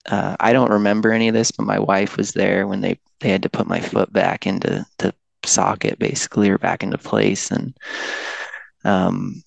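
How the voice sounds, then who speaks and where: A man's voice: fairly low pitch, level tone, normal speed, creaky, no room sound. A young man guest casually telling his own story, laid-back and self-deprecating with many fillers. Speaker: podcast guest.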